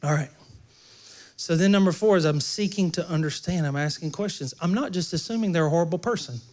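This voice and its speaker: Male pastor, fairly high voice, relaxed conversational sermon with jokes to the crowd. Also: fairly quick.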